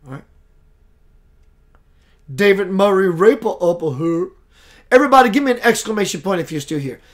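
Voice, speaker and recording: A middle-aged man hosting a spiritual live show, telling stories in a lively way, acting out the voices he quotes, and greeting viewers by name. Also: high voice, normal speed. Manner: animated storyteller, acts out quoted voices, reads out viewer names. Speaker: spiritual talk show host. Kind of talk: casual live-stream monologue.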